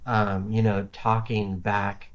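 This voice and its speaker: A fairly low-voiced man talks as a podcast guest, circling his point with restarts and filler words. The audio is dull and lo-fi, with the top end rolled off. It sounds like an everyday remote call recording. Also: level tone, slow. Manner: rambling, many restarts and "you know" fillers. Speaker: guest cybersecurity architect. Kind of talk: casual interview talk.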